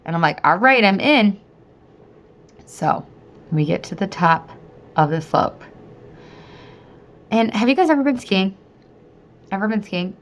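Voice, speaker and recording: A woman in her thirties hosting a podcast, telling a story in a chatty, animated way and often talking straight to her listeners. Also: medium pitch, measured pace, pauses often. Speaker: podcast host and weight-loss coach. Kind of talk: casual storytelling monologue.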